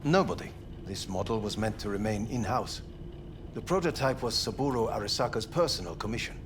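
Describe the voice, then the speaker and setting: An actor playing a cold, clinical older male scientist in a video game, speaking in a measured, formal and detached way. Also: fairly low pitch, animated, noisy background, close to an everyday voice. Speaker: game character.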